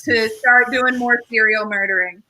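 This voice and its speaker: A woman's voice: a little high, fairly even intonation, moderate pace, sharp tone, rough recording. A young woman doing a stand-up comedy set, rambling and self-deprecating, with lots of fillers and acted-out voices. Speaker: stand-up comedian and show host.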